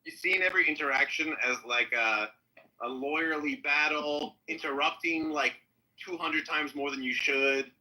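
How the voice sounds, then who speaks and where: A man talking in a heated casual debate, rambling and halting with many fillers. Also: on the high side, pushed and bright, poor audio.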